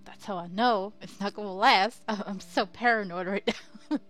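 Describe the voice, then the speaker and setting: A woman's voice: medium pitch, normal speed, a bit bright, faint music behind. A woman streaming a story game, chatting giddily, laughing a lot and reading her own lines aloud. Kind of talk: live game commentary.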